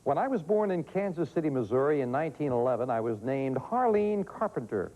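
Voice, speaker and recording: Lively joking male game show host. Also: a little high. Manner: quick, joking quizmaster patter. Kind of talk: quiz show hosting. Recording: noisy 1980s TV broadcast tape.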